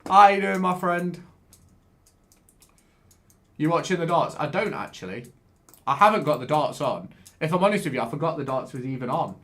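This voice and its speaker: Excitable lad streaming a game. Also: male voice, fairly high pitch, fast talker. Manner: excitable, swears, chats with viewers. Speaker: live streamer. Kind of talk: casual live-stream commentary while gaming.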